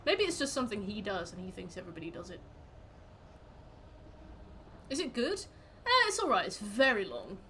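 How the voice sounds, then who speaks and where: A woman's voice: medium pitch, wildly swooping pitch, fast, bright, forceful tone, a little hiss or hum. A woman streaming a game, chatting casually with her viewers in a rambling, playful way. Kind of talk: casual chat while gaming.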